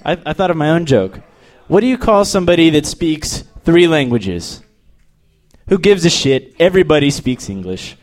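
A young man from Texas works through a crude, deadpan stand-up set, with frequent restarts and stumbles. His voice sits a bit high and swings widely in pitch. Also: moderate pace. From El Paso, Texas. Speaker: stand-up comedian. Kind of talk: stand-up set and casual interview.

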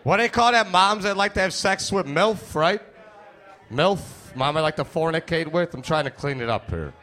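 A man's voice: a little high, lively intonation, moderate pace, sharp tone. A man doing a crude, brash stand-up comedy routine, joking with members of the crowd.

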